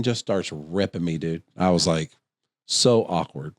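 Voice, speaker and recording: A middle-aged man with a deep, slightly slow voice co-hosts a podcast, spinning a long anecdote in casual chat. He's an animated storyteller who acts out other people's voices. The recording is clean studio sound with no room sound.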